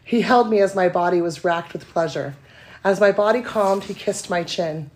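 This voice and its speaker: A woman with a breathy voice reading erotic fiction aloud, a bit self-conscious. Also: lowish voice, moderate pace, darkish tone. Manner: self-conscious, giggly between passages. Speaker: guest reader.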